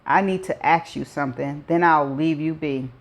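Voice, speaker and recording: Woman reading a driven, grieving man, urgent and pleading, storybook read-aloud, low voice. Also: normal speed. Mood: desperate.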